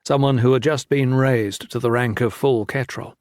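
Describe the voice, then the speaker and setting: A man narrates a fantasy novel in a steady, measured manner. His voice sits in an ordinary middle range. The recording is close and very dry, with no room sound. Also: medium pitch, no echo. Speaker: audiobook narrator. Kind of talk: scripted audiobook narration.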